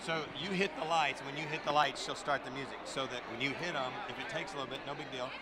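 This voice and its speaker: A man leading a casual church welcome, joking and chatting in an easy, unhurried way. He sounds like a down-to-earth pastor speaking to his own congregation in the sanctuary. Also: medium pitch, steady tone, over a noisy crowd, heavy background noise.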